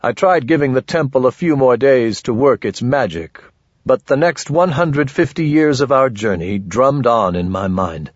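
A man narrating an audiobook in first person with a dry, grumbling, wry manner and a husky voice. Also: medium pitch, normal speed, dry recording, highs cut off.

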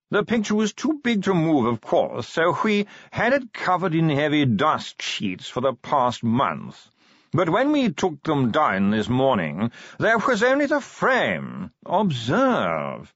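A man's voice: on the high side, huge pitch swings, no echo, highs cut off, voice pushed up, heavily acted. A man voicing a fussy, posh male art curator who drawls as if yawning, in an audiobook. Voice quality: drawling, yawning upper-class speech. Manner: slow, dithering, condescending. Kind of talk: audiobook character voice.

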